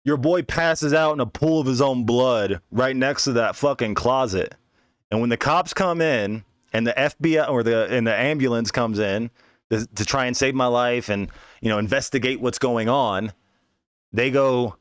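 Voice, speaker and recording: A man's voice: medium pitch, moderate pace, dry recording, studio quality. A young man, telling a wild personal story as a podcast host in a rambling, profane way with many restarts. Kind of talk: casual storytelling monologue.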